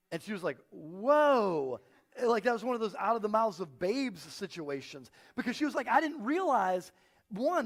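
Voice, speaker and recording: A man preaching a sermon as pastor, telling stories and acting out the people he quotes. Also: sits high. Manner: animated storytelling, acting out quoted voices. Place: church auditorium.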